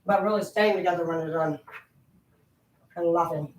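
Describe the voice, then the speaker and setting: A woman vlogging at home in a rambling, profane, animated monologue. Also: lowish voice, moderate pace. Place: home, indoors. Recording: echoey room, voice from a distance.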